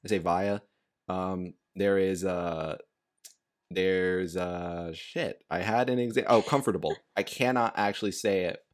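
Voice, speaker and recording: Man, very low voice, podcast host, rambling, laughing often. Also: fairly even intonation, measured pace. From United States. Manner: rambling, laughing, with many fillers. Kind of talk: casual chat.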